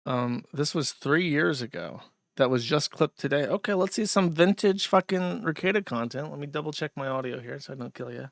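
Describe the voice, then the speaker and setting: A man's voice: fairly high pitch, animated, brisk, creaky, no echo, clean studio sound. A male host giving casual, sardonic commentary on clips, laughing often and peppering his talk with "like". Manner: laughing, filler-heavy, sardonic.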